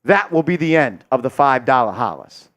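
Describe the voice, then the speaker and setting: A man hosting a live sports watch-party stream, hyped and loud as he shouts out viewers' donations and calls the game. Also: mid-range voice, sing-song, normal speed.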